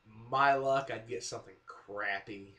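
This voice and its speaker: A man's voice: mid-range voice, measured pace. A man telling a comic personal story to the camera, self-mocking and acting out what people said. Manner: animated, self-mocking, acts out quotes. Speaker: vlogger. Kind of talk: casual storytelling monologue.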